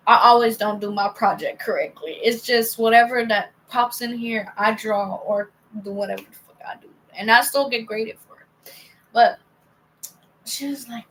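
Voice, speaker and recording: A woman's voice: a little high, fairly bright tone, a little hiss or hum, rough recording. A young woman casually telling a story to her viewers, acting out quoted dialogue and swearing freely. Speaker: vlogger.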